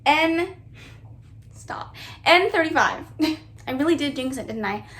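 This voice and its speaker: A woman's voice: high-pitched, lively intonation, moderate pace, a bit bright. A young woman chatting casually and giggling as she narrates her own vlog at home. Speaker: booktuber. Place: bedroom with bookshelves, indoors.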